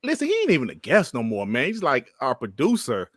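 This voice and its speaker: A man's voice: medium pitch, huge pitch swings, brisk, fairly bright tone, no room sound, studio quality. Guy hosting a gaming podcast, slangy and laid back, laughs a lot, medium voice. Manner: slangy, laughs often, many fillers. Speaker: podcast host. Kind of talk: casual gaming podcast chat.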